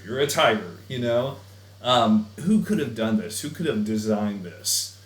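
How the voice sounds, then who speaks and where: A man's voice: fairly low pitch, expressive, unhurried, echoey room. A man teaching a recorded lesson in a chatty, enthusiastic way with many fillers. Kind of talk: recorded class lecture.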